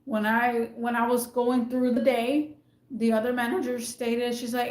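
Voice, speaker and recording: A woman's voice: a little high, level tone, unhurried, darkish tone, echoey room. A woman venting in a casual rant to camera, emphatic and indignant, hammering her points by repeating them. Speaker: retail worker venting about managers.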